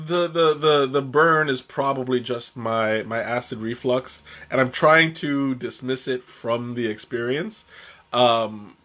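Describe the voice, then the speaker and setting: A man's voice: mid-range voice, fairly bright tone. A young man hosting a live tea tasting stream, chatting casually in a rambling way with restarts and chuckles.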